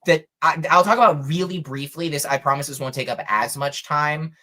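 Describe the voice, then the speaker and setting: A man's voice: on the high side, fairly quick. Rambling young man on a podcast. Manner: rambling, animated retelling with many fillers and restarts. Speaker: podcast co-host. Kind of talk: casual podcast chat.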